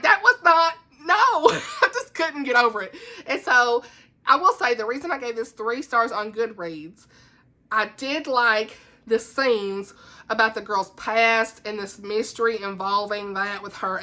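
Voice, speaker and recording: A woman giving a casual, chatty book review at home, animated and laughing, with dramatic asides. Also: a little high.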